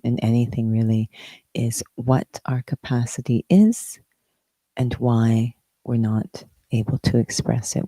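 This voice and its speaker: A meditation teacher explaining spiritual ideas in a reflective conversation, stressing key words and letting phrases fall softly at their ends. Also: mid-range voice, creaky, no echo.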